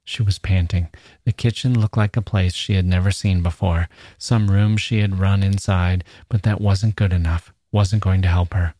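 A man who hosts a podcast, reading a short story aloud at a measured, dramatic pace. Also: deep voice, fairly even intonation, dark tone, no room sound, studio quality. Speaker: podcast host.

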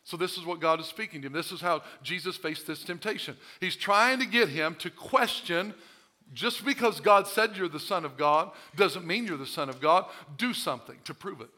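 A man's voice: high-pitched, moderate pace, pushed and bright. A male pastor preaching a sermon, emphatic and full of rhetorical questions.

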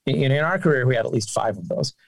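A man telling his career story as an interview guest, animated and chatty, his voice jumping up when he quotes people. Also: quick pace, gravelly, no echo. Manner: animated, with sudden pitch jumps. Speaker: guest, game sound designer and singer.

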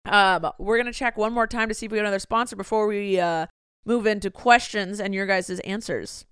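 A young adult woman co-hosting a podcast in casual chat, joking and reacting quickly. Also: medium pitch, fairly bright tone, clean tone, no echo, clean studio sound. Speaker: podcast co-host.

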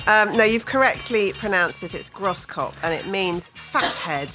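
A woman in her forties chats as a radio guest, with a dry, self-mocking wit and deadpan asides. Her pitch sits in an ordinary middle range. Faint music plays softly behind her. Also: unhurried, rough recording. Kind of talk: radio interview chat.

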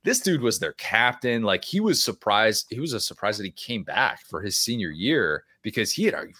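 A man's voice: lowish voice, sing-song, moderate pace, sharp tone, breathy edge, dry recording, clean studio sound. A man talking as a football analyst guest in casual podcast chat, emphatic and opinionated.

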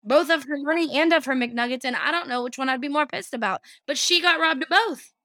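Woman host, higher than average, animated casual chat with cursing commentary. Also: fairly quick, no echo. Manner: animated, swearing, sarcastic asides. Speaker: podcast host. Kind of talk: casual chat, reading a news story.

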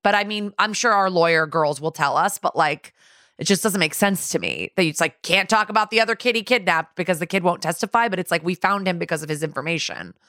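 A woman's voice: lowish voice, expressive, a little fast, a bit bright, no room sound, clean studio sound. A woman co-hosting a podcast in casual chat, rambling and saying "like" a lot. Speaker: podcast co-host.

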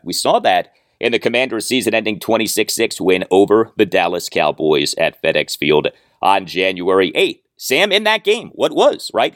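Male podcast host, very deep, animated intonation, stat-heavy sports commentary. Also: dry recording, studio quality. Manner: detailed, stat-heavy analysis with frequent "uh" openers.

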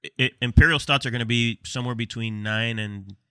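Bright, chatty American co-host. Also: male voice, medium pitch, clear, resonant tone, dry recording. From United States. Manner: chatty, quick asides and laughs, storytelling. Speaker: co-host of a cigar and beer pairing show. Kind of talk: casual chat.

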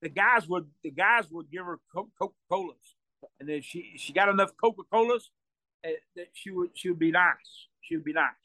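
A high-pitched man talking at normal speed tells a rambling, casual story as a guest storyteller, laughing and going over the same points. He voices quotes loudly, and there's no room sound.

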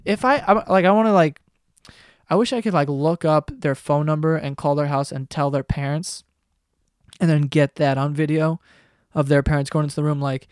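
A man's voice: fairly high pitch, moderate pace, clean tone, no room sound, clean studio sound. Profane, ranting male podcast host. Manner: profane, sarcastic, animated ranting. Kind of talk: casual ranting monologue.

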